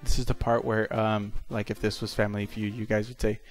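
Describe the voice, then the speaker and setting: A man's voice: on the low side, flat delivery, a little fast, soft background music. A man hosting a casual gaming livestream, joking with viewers and exclaiming at the game. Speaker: livestream host.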